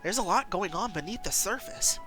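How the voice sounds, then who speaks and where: Woman voicing a gentle caring young guy, soothing, soft, story game, animated. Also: mid-range voice, brisk, soft background music, lightly acted. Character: gentle caring young man, close friend.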